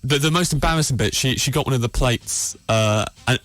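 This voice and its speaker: A man's voice: medium pitch, brisk, fairly bright tone. A man hosting a podcast, telling a long anecdote in a rambling, self-deprecating way with many restarts. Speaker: podcast host.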